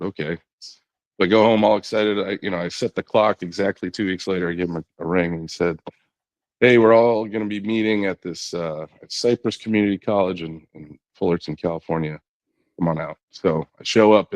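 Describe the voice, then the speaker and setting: Deep-voiced man telling his story. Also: fairly quick, no room sound. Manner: relaxed storyteller, quotes others in his own voice, frequent "you know" and restarts. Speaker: podcast guest, former knuckleball pitcher. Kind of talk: conversational storytelling interview.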